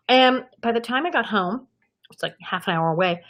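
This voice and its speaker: A woman in her fifties, a guest actress in an interview, telling stories in a lively way and acting out the people she quotes. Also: on the high side, moderate pace. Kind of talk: anecdotal interview storytelling.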